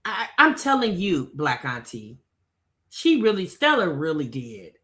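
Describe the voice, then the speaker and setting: A woman's voice: deep voice, wildly swooping pitch, measured pace, fairly bright tone. A woman hosting a reaction commentary stream, chatty and incredulous as she talks to her viewers. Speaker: commentary host.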